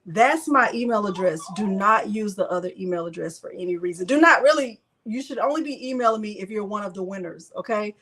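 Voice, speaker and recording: A woman's voice: medium pitch, animated, a little fast, few pauses, a bit bright. A middle-aged woman hosting a craft livestream, chatting casually and emphatically repeating herself to viewers. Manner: repetitive, emphatic, talks to viewers.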